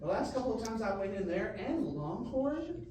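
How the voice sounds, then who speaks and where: A man's voice: sits high, sing-song, normal speed, mellow. A man directing a school band rehearsal, giving instructions, singing phrases with syllables and joking with the students. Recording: echoey band room from far off. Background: room ambience and noise.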